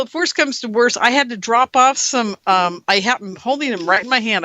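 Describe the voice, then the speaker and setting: A woman hosting a radio show, talking straight to her listeners and spinning a personal story in a loose, chatty way. Her voice is bright and forward, and she acts out what others said with sudden leaps in pitch. The sound is close and dry, with no room around it. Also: dry recording. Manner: animated, acts out others' lines with big pitch jumps. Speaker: radio host. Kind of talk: casual storytelling monologue to listeners.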